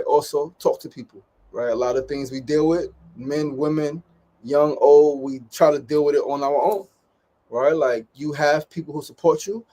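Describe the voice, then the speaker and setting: A man's voice: on the high side, a little mellow. A man hosting his daily show, giving casual motivational talk with upbeat repeated phrases and frequent "right?" tag questions.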